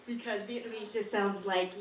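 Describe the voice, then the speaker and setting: A young woman giggles her way through a chatty open-mic stand-up set in a small performance studio. She speaks at a moderate pace in a steady, mid-range voice, recorded on a distant live mic that sounds roomy, with slight background noise.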